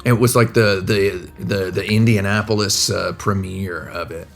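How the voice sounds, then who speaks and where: With a low, creaky voice and a steady tone at normal speed, he casually recounts tales on a live stream from his hotel room, meandering, starting over and laughing at his own jokes. Faint music sits behind him, picked up on a laptop microphone.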